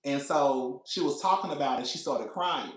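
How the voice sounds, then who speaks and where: Male recap host: animated, pitch leaping all over, keeps cracking up, roomy echo. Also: normal speed, slight background noise. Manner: animated, laughs often, calls listeners "girl". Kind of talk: casual TV recap chat. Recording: echoey room.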